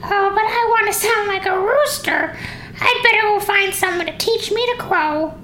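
A performer voicing Bob, a young rooster who is eager and earnest, in a soft, hesitant storybook voice. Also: very high voice, moderate pace, slight background noise. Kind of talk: storybook reading. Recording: echoey room.

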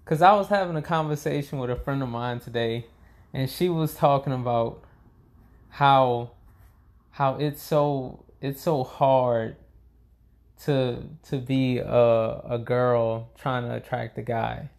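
A man's voice: mid-range voice, fairly even intonation, slow pace, vocal fry, a little mellow. A tired young man who hasn't slept, rambling to camera in a casual vlog, swearing freely as he vents about his day. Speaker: vlogger.

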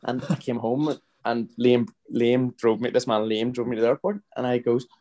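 A man's voice: mid-range voice, fairly even intonation, normal speed, warm tone. A Northern Irish man in his thirties, a podcast guest telling a long story in a chatty, rambling way, acting out the other people's lines. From Northern Ireland. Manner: chatty, rambling, frequent restarts and quoted dialogue. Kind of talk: casual storytelling chat.

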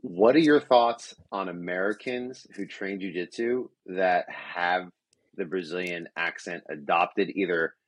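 A man's voice: low-pitched, measured pace, dry recording. A young man hosting a casual podcast, rambling and profane. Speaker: podcast host.

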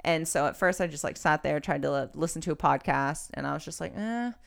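A woman's voice: low-pitched, fairly even intonation, fast talker, creaky. A young woman co-hosting a podcast, rambling in casual chat with lots of "like". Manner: rambling, heavy use of "like". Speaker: podcast co-host; nanny.

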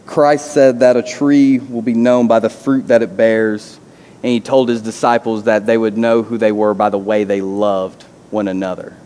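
A man's voice: fairly low pitch, little pitch movement, moderate pace, dark tone, long reverb tail. A man preaching a sermon as a pastor, earnest, often repeating words as he starts a phrase. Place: church sanctuary.

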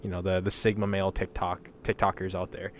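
A man's voice: low voice, little pitch movement, brisk, a bit bright, a little hiss or hum. A young man from western Canada hosting a casual solo podcast, blunt and rambling, swearing freely and using lots of "you know" and "like". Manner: many fillers like "you know" and "like". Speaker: podcast host.

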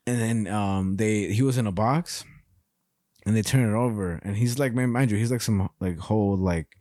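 A man co-hosting a podcast, chatting casually and telling stories in a loose, profane, animated way. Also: on the low side, moderate pace, no echo, clean studio sound. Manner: animated, profane storytelling with frequent laughs. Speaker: podcast co-host. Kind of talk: casual chat.

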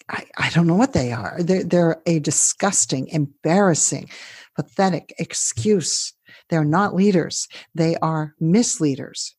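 A woman's voice: deep voice, darkish tone, slightly rough, dry recording, studio quality. A woman co-hosting a podcast, talking politics in casual chat with emphatic, exasperated ranting. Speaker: podcast co-host.

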